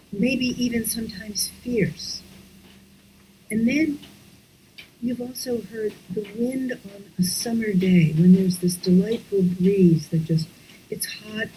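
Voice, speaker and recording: Female somatics teacher, slow and mellow, half-whispered guidance over a computer mic. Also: mid-range voice, slight background noise, poor audio. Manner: slow, soft-spoken, often drops into whispers. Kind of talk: guided breathwork lesson.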